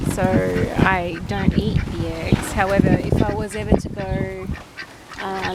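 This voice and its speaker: A chatty woman rambles along with a slow, unhurried pace, breaking into giggles and fillers. She talks outdoors, and her voice sits over loud quacking ducks and constant noise. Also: mid-range voice. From Australia. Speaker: vlogger. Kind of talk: casual vlog talking to her ducks. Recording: noisy outdoor recording with ducks. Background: loud duck quacking.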